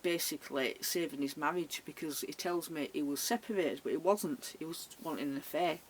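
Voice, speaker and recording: A middle-aged woman casually telling dating stories to camera in a chatty, animated way. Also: low voice, fairly quick, slight background noise, poor audio. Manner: chatty, animated retelling with laughs. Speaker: vlogger. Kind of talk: casual storytelling.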